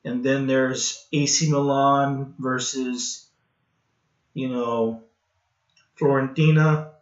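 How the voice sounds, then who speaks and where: A man's voice: mid-range voice, little pitch movement, takes it slowly. A man delivering a blunt, sarcastic commentary rant, mocking and scornful as he talks. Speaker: vlogger. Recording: dull, roomy home recording.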